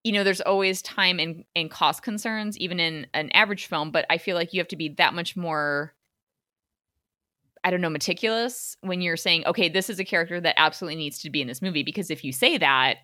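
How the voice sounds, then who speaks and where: A woman hosting a casual film discussion, chatty and animated with lots of fillers. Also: fairly low pitch, fairly quick, no echo, clean studio sound. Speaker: podcast host.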